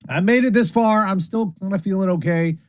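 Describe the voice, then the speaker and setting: A man's voice: high voice, no echo. A tired man hosting a late-night internet radio stream, chatting loosely and swearing as he rambles between songs. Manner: lively, rambling, swears casually.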